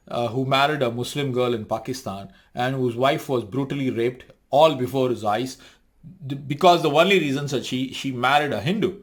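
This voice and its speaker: A man hosting a reaction video, ranting indignantly with rhetorical questions. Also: mid-range voice. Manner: indignant, rhetorical, repeats "excuse me" and "why are you not". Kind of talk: heated commentary rant.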